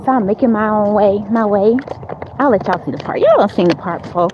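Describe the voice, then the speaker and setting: A woman's voice: medium pitch, fairly quick. A woman hosting a casual livestream, chatting with viewers and laughing often as she walks to her car, talking into a handheld phone. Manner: chatty, talks to chat readers, frequent laughs and fillers. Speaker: livestream host. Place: outdoors, walking to her car. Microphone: phone held in hand. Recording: dull phone audio with outdoor noise.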